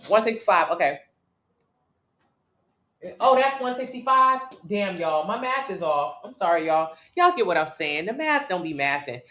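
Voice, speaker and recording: A woman's voice: on the low side, big pitch swings, normal speed, pushed and bright. A woman from Miami with a Southern US accent, a fitness coach chatting candidly and with swearing on a casual live stream. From Miami, Florida. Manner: candid, profane, gossipy and chatty.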